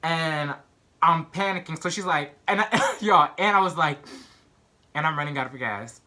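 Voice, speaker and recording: A young man vlogger telling a story in an animated, casual way, full of "like" and "you know what I mean". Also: fairly high pitch, normal speed. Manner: animated, filler-heavy storytelling. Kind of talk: storytime vlog.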